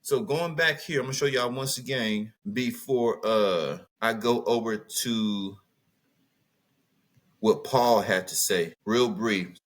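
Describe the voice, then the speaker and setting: A man's voice: mid-range voice, slow pace. Emphatic ranting man with a Southern accent. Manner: emphatic, repetitive, rants with bursts of laughter. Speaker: podcast host. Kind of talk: preachy monologue.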